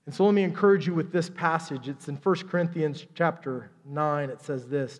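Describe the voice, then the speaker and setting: A man preaching a sermon in a church, his slightly high voice carrying a long reverb through the hall. He tells the story with animated energy and quick acted-out voices for the characters. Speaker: pastor. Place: church sanctuary.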